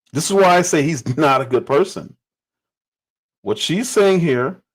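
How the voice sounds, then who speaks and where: A man hosts a livestream and talks through political commentary in a casual, off-the-cuff way. His pitch swings widely, rising high and dropping low as he presses a point. He leans on repetition to drive things home. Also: breathy edge, rough recording. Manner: emphatic, repeats phrases for stress.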